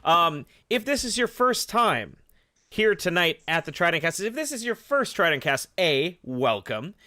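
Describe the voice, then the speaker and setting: A man hosts a casual live stream in a bright, sharp voice. His pitch jumps around animatedly as he jokes and reads out viewers' names. The sound is dry and close. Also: a little slow, no room sound. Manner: animated, jokey, reads chat names aloud. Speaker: podcast host.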